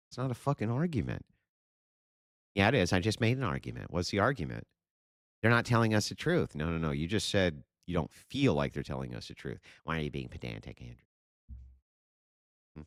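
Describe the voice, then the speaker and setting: A man's voice: low voice, sing-song, brisk, long pauses, no echo, clean studio sound. A man answering chat questions on a casual livestream, ranting bluntly and with a lot of profanity.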